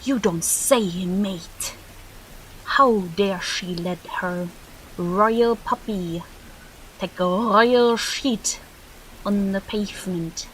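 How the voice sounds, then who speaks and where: A woman's voice: medium pitch, very slow, a bit bright, a little hiss or hum, poor audio. A woman voicing a prim, scandalized neighbour gossiping, drawn out and outraged. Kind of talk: comic put-on voice on a live stream.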